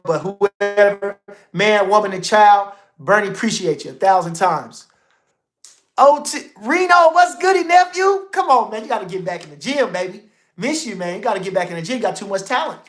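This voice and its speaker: A middle-aged man hosting a casual livestream about boxing, slangy and animated, swinging from a low murmur to loud outbursts. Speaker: boxing commentator.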